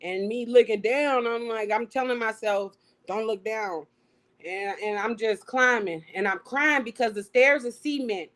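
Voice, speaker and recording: Young woman guest telling her story all animated, kinda high pitched. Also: normal speed, few pauses. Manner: animated, acts out her own past lines. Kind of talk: emotional personal storytelling.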